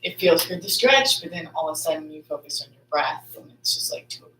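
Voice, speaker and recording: Low-voiced woman in an echoey room. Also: lively intonation, bright, forceful tone. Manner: halting, filler-heavy. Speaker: workshop participant. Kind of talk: casual group sharing. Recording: echoey room with faint hum.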